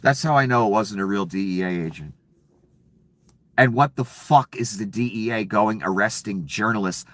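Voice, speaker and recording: A man's voice: on the low side, normal speed, a bit bright, dry recording. Male commentator, furious profane rant with sarcasm, dry close recording. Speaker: political commentator. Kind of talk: angry political rant.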